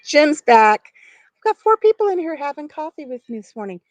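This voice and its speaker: A woman's voice: sits high, sing-song, moderate pace, no echo. A middle-aged woman chatting casually on a live stream from outdoors on her farm porch, giggling and talking to viewers by name.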